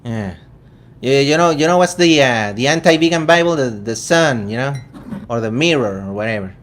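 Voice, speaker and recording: A man's voice: medium pitch, animated, fairly bright tone. A man from Venezuela with a Venezuelan accent, hosting a casual vegan commentary show in a joking, incredulous way. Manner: incredulous, joking, quick asides. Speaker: vegan channel host.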